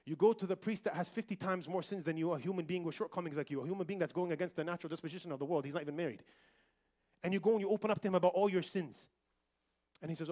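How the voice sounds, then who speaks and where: A man's voice: high-pitched, rapid-fire, warm tone. A man preaching a Friday sermon in a mosque, emphatic and repetitive, dropping Arabic phrases. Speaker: imam giving a Friday khutbah. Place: large mosque.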